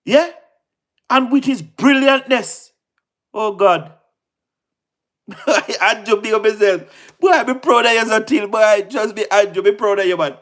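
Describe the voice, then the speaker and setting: A woman's voice: a little high, measured pace, pauses often. A woman with a Jamaican accent giving emphatic political commentary on her channel, repeating phrases and laughing often. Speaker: YouTube commentator.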